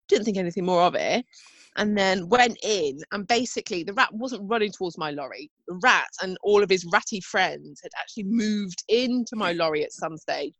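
A woman's voice: mid-range voice, normal speed, fairly bright tone, no echo. A woman, co-hosting a casual chat and telling stories in a chatty, self-mocking way, with the odd casual swear. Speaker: podcast co-host.

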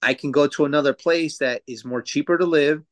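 Fairly quick and fairly bright, his voice sits on the high side. The guest, a tattoo artist in his thirties, swaps casual podcast stories in a loose style, swearing a lot and using plenty of fillers.

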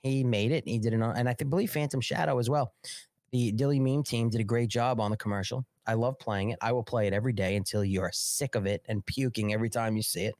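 A man's voice: medium pitch, quick pace, darkish tone, no room sound. Male talk show host, agitated profane ranter, mid-range voice, dry close-mic sound. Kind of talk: live-streamed political commentary.

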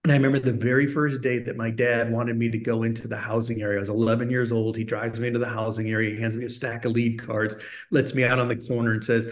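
A man's voice: mid-range voice, fast talker. A middle-aged man, a podcast guest, telling a personal story in conversation and acting out the voices of the people in it. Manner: animated storyteller who acts out voices of people in his story.

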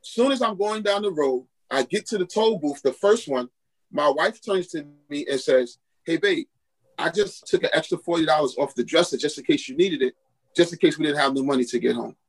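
Husky-voiced pastor telling a story. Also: male voice, fairly high pitch, fairly quick, rough recording. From Queens, New York. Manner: animated storyteller acting out quoted dialogue. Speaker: pastor and podcast guest. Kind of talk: storytelling testimony in a podcast interview.

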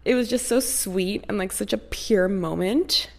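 A woman's voice: medium pitch, unhurried, creaky. A young woman chatting casually to her viewers, telling a story in a gushing, rambling way with many fillers. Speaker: vlogger.

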